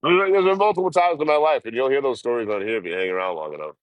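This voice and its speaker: A man's voice: medium pitch, animated, very fast, no room sound. A man chatting casually on a livestream, telling a rambling, profane story and laughing often. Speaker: vlogger.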